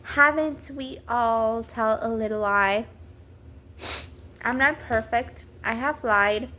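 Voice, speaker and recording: Woman teaching the Bible casually: rambling, earnest, slow and a bit high. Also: sharp tone, slight background noise.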